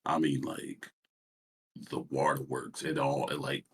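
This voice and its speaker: A caller on a voice chat, a man with a very low, breathy voice. He talks quietly and haltingly, restarting his sentences often. He sits a bit far from his call mic. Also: flat delivery. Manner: soft-spoken and halting, full of restarts. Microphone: voice call mic held too far away.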